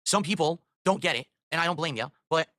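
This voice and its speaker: A man's voice: on the high side, fairly quick, heavy background noise. A man talking on his livestream, defensive and insistent. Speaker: streamer and pet owner.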